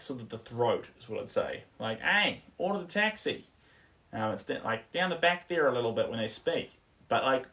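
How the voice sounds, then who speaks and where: Recorded from a distance, this medium-pitched man speaks with a New Zealand accent as he paints on a live stream and chats casually. Between quiet remarks to himself about his strokes, he sometimes breaks off to respond to comments from viewers.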